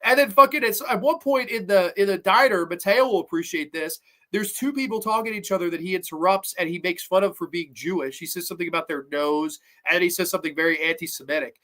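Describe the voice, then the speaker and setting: Excitable, foul-mouthed man reviewing movies. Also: high-pitched, quick pace. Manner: rambling, excitable, swears a lot. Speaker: podcast host. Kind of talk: casual movie review chat.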